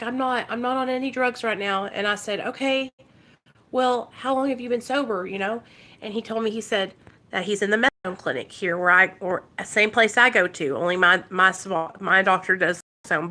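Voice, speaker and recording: Speaking directly to viewers of her recovery vlog, a woman from Arkansas recounts something emotional. Her voice is medium-pitched, pushed and bright, at a normal speed.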